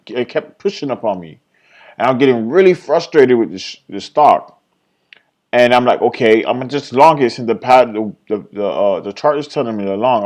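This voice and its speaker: A young man recapping his day trades in a casual screen-share vlog, rambling, swearing and blaming himself, and voicing his own past thoughts in an excited, higher voice. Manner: rambling, self-critical, swears freely, trails off and restarts.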